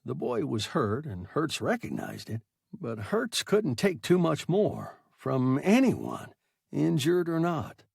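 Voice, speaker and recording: A man narrating a science fiction story in a measured, scripted audiobook reading. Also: on the high side, wildly swooping pitch, vocal fry, darkish tone, slightly rough, no room sound, studio quality.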